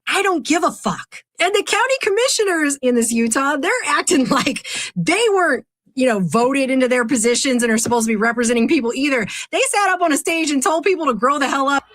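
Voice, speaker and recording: A woman's voice: high-pitched, expressive, a little fast, a bit bright, dry recording. A woman from Texas hosting a podcast, giving blunt, profane, heated commentary on news clips. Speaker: podcast host.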